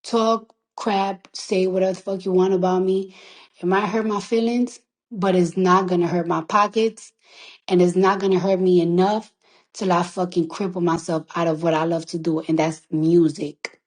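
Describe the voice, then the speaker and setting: Tearful, defiant woman with a low voice. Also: level tone, moderate pace, darkish tone. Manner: emphatic, defiant, heavy swearing, repeats lines for emphasis. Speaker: recording artist. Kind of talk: emotional livestream monologue. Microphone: phone livestream.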